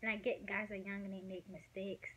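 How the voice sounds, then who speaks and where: A woman of about twenty telling a personal story in a casual, emotional way, dropping to a hush and then getting loud, with lots of fillers. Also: mid-range voice, flat delivery, fairly quick, slight background noise, rough recording. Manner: emotional, swings from hushed to loud, many fillers. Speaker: vlogger.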